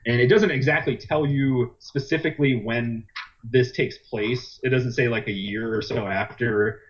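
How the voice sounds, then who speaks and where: A man's voice: mid-range voice, fairly even intonation, moderate pace. Rambling man on a lo-fi podcast. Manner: rambling, retells a comic plot with lots of fillers. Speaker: podcast co-host. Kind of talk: casual chat. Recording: dull lo-fi podcast recording.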